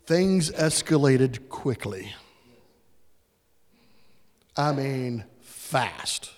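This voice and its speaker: A man's voice: medium pitch, animated, slow, long pauses, darkish tone. A man preaching a sermon, retelling a story in a casual, folksy way. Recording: long hall reverb.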